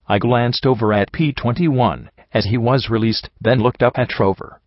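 A man narrating an audiobook story in a steady, even storytelling manner. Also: mid-range voice, normal speed, no room sound, muffled recording. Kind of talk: audiobook narration of fan fiction.

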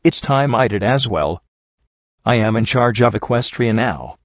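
A man voicing a gentle, dignified female pony princess who speaks softly but firmly. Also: medium pitch, measured pace, no room sound, dull audio, close to an everyday voice. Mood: earnest. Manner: soft and calm but firm.

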